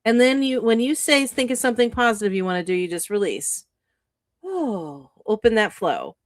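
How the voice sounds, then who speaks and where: A woman co-hosting a casual stream, giving an animated spiritual pep talk that is full of swearing. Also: on the high side, moderate pace, no echo, clean studio sound. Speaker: co-host, author. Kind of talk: casual motivational chat.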